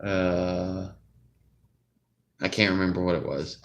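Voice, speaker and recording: A man's voice: low-pitched, little pitch movement, slow. A young man hosting a casual chat, rambling and hesitant, often trailing off mid-thought. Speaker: streamer host.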